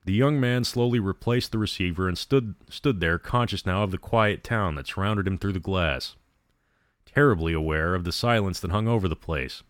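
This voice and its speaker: A man narrating a story in a measured, dramatic reading. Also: low voice, no echo.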